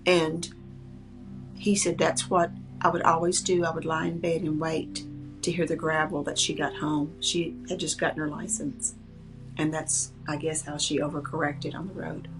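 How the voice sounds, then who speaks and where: A woman who works as a psychic medium, telling a personal story in an earnest, animated way and acting out the people she quotes. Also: deep voice, moderate pace, music in the background.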